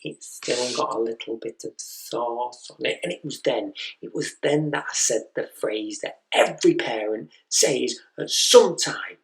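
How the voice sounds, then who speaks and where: A man's voice: medium pitch, measured pace, gravelly, hardly any pauses. A man doing a stand-up routine, telling a story and acting out the voices of the people in it. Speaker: stand-up comedian. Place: comedy venue. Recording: echoey room, mic heard from a distance.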